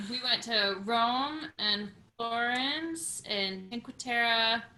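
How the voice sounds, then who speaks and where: A woman's voice: on the high side, takes it slowly, pushed and bright, low-quality recording. A woman, the guest's wife, chiming in casually with enthusiastic short remarks over a video call. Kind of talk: casual chat.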